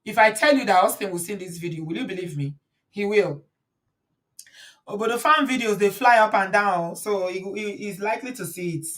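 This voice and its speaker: A woman with a Nigerian accent hosting a casual livestream, chatty and preachy, often breaking into laughter. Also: mid-range voice. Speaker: livestream host. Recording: voice a bit far from the mic.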